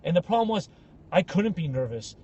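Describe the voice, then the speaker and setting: High-voiced husky man telling funny stories. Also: a little fast, muffled recording. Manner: animated, acts out other people's voices. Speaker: podcast co-host. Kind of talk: casual comedic storytelling.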